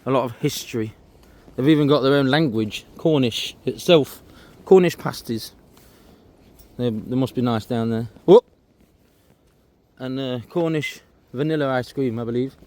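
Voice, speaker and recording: A walking vlogger strolls an abandoned railway trail, chatting to camera and noting sights along the way. He speaks at a moderate pace in a medium-pitched voice with a darkish tone.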